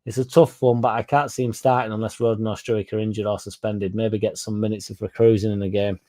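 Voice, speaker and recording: A man's voice: fairly low pitch, little pitch movement, quick pace, warm tone. A young man, chatting casually and swearing as he reads out comments on his fan stream. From England. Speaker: fan channel host reading live chat. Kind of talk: casual live-stream chat.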